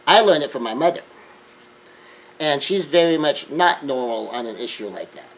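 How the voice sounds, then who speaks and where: An earnest man giving a self-help lecture at a mid-range pitch. He drops into hushed asides and then rises to emphatic points. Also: lively intonation, moderate pace, low-quality recording. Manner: earnest, emphatic, shifts between hushed and raised. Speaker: speaker.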